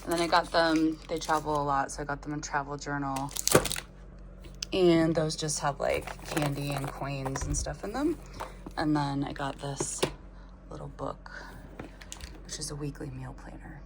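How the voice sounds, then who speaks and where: A middle-aged woman narrating her vlog in a soft, casual way, talking to her animals and showing things at home. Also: steady tone, normal speed. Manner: soft, talks sweetly to animals in a high voice. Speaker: vlogger. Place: outdoors in the snow on a small farm. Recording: outdoor noise with farm animals. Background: chickens and a rooster.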